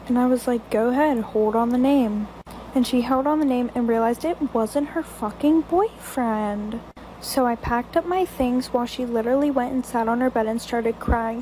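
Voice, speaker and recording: A woman's voice: fairly high pitch, normal speed, dark tone, slight background noise, rough recording. A young woman telling a personal storytime in a blunt, profane, chatty way. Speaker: storytime TikToker. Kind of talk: casual storytime monologue.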